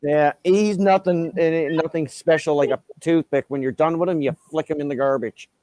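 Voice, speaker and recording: A man's voice: fairly high pitch, fairly even intonation, moderate pace, darkish tone, no echo. A man from Canada chatting casually on a live stream, easygoing and rambling. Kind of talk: casual chat.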